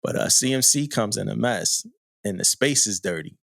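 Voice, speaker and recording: A man's voice: on the low side, expressive, moderate pace, gravelly, a bit bright, dry recording, studio quality. A man, a podcast co-host, telling a story in a loose, slangy way, often laughing and asking "you know what I mean". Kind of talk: casual storytelling chat.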